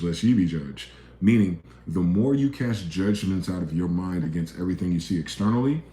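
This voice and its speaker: A man with a low, dark voice delivers a profane, emphatic monologue. He jumps from loud, pointed outbursts to quiet, muttered asides. His voice rings in a bare, echoey room. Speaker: video commentator.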